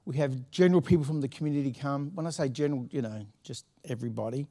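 A man's voice: mid-range voice, fast talker, dark tone. Aussie pastor guy telling a story in church, chatty, lots of restarts and laughs. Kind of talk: sermon anecdote.

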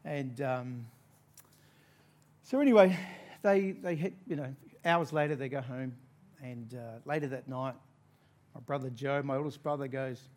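An Australian man preaching a sermon, telling a personal story in an animated way and laughing through it. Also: medium pitch, unhurried.

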